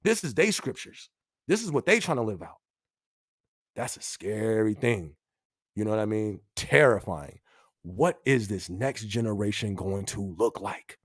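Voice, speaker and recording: A man's voice: lowish voice, big pitch swings, a little slow, no room sound, studio quality. A man hosting a casual live-stream podcast, chatting in slang, laughing often and repeating his phrases. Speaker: livestream podcast host.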